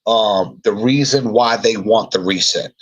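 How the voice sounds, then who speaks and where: A man's voice: on the low side, a little slow, slightly rough, rough recording. A man co-hosting a podcast, thinking aloud and repeating words as he writes notes in a casual brainstorming chat. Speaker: podcast co-host.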